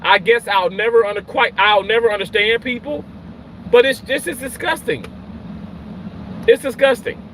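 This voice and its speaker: A man who works in healthcare, ranting in an emotional vlog, swinging from loud yelling to quiet, halting talk, often repeating himself and swearing. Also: very high-pitched, a little hiss or hum, rough recording. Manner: repeats and restarts phrases, swears. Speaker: healthcare worker.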